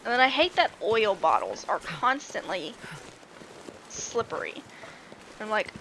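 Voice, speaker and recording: A woman streamer talks casually while playing a game, wandering from one everyday story to another. Her voice sits at an ordinary middle pitch, loose and conversational, peppered with "like" and easy laughter. A faint background noise sits behind her. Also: big pitch swings, measured pace, pauses often, fairly bright tone. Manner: rambling, chatty, laughs often, fills with "like". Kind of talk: casual chat while gaming.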